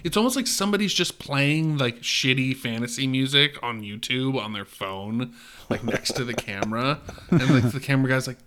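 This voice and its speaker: A man's voice: mid-range voice, normal speed, fairly bright tone. A man co-hosting a podcast, chatting casually and animatedly about a movie, swearing and acting out quotes. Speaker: podcast co-host. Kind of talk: casual movie review chat.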